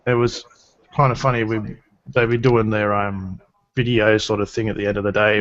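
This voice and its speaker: A man's voice: on the low side, a little fast, dry recording. A man chatting casually in an online hangout, laughing often and swearing freely. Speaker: hangout guest. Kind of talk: casual group chat. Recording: dull lo-fi online call audio.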